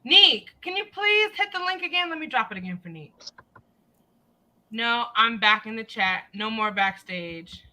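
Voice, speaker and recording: High, very bright female host, expressive, big pitch swings. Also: normal speed. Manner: expressive, exclaiming. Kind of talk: casual chat.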